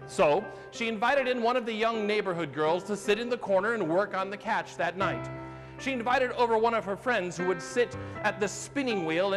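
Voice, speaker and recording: A man telling a folk tale live on a festival stage, animated and theatrical, with sudden loud bursts and slow drawn-out phrases. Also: high-pitched. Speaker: storyteller. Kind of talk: live dramatic storytelling. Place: festival main stage, large hall. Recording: live hall reverb with piano accompaniment. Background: improvised piano.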